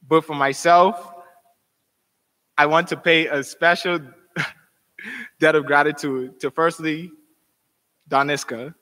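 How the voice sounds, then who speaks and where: A man's voice: fairly high pitch, bright, forceful tone. A young man giving a formal, heartfelt farewell address as an outgoing university title holder. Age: young adult. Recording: long reverb of a hall.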